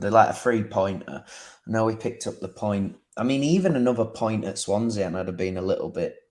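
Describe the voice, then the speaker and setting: A man's voice: sits low, creaky, darkish tone. A man co-hosting a casual football podcast with laid-back, teasing banter. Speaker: podcast co-host.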